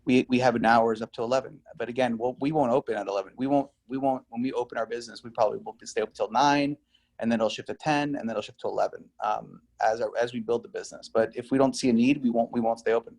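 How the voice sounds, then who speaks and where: Gravelly man explaining on a video call. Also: mid-range voice, steady tone, a little mellow. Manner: explanatory, slightly halting. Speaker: business representative.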